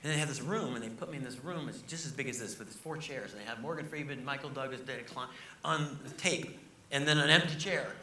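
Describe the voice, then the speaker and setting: A male comedian telling stories in a casual interview, animated and jokey. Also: mid-range voice, brisk. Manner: animated, jokey, acts out voices. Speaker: comedian guest. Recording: roomy, distant mic, noisy.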